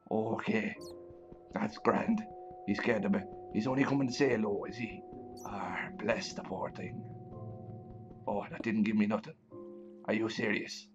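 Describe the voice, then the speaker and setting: Guy doing pirate lets play commentary, kinda gravelly, dull lo-fi sound w faint music. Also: lowish voice, steady tone, normal speed. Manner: growls pirate "arr" between chatty remarks. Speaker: gaming channel host.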